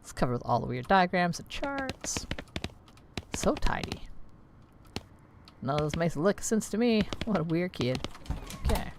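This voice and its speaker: Low-voiced woman streaming a game. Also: very animated, moderate pace, background noise. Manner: playful, reads on-screen text with wry asides. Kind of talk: casual let's-play commentary, reading game text aloud. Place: home streaming setup. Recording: game music playing behind the voice.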